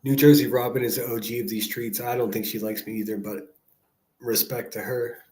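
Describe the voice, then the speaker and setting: A man's voice: mid-range voice, steady tone, a little fast, a little mellow. A man hosting a livestream, giving blunt, rambling commentary full of swearing. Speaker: livestream host. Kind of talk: profane casual commentary.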